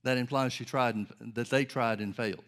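A man preaching a sermon, explaining scripture in a measured way and reading old-style Bible verses aloud. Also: mid-range voice, fairly even intonation, a bit bright.

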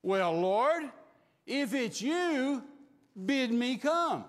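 A man preaching voices an impulsive fisherman calling out slowly across the water. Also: very high voice, sing-song, long reverb tail, voice pushed up, heavily acted. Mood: bold.

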